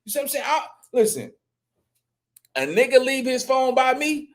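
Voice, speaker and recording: A man reacting on a live stream to a tape he plays. His voice sits high and he rambles, swearing freely and tripping over repeated words as he talks to his viewers. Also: sing-song, moderate pace. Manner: rambling, profane, restarts and repeats himself.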